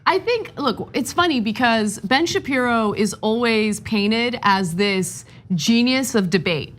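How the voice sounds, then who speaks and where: A woman's voice: fairly high pitch, lively intonation, a little slow, a bit bright. A woman hosting a political commentary panel, speaking emphatically and critically. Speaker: host.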